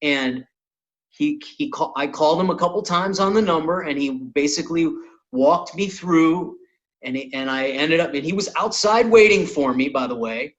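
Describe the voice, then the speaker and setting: Male podcast host, comedian, lively storyteller, a bit high voice, casual. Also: normal speed, dull audio. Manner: animated, swearing anecdote teller.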